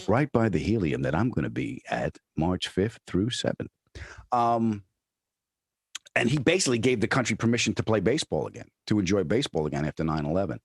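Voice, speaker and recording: A man's voice: low voice, slightly rough, no room sound, studio quality. A man, a comedian from New York, chatting in an interview and telling stories with many restarts. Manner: storytelling, restarts often, acts out quoted voices. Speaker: comedian guest. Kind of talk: casual interview chat.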